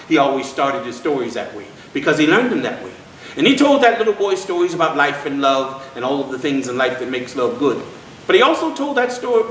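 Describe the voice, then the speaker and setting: Man, live storyteller at a historic site event, folksy crowd talk, high pitch, faint room noise. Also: fairly bright tone. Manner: folksy, addresses crowd as y'all. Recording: echoey room from far off.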